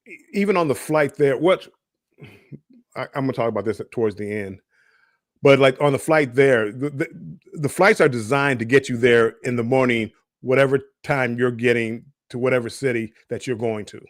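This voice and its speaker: A man's voice: mid-range voice, normal speed, no echo. Rambling middle-aged man, dry sound. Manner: rambling, many restarts and repeated words. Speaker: cruise show co-host. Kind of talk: casual live-stream chat.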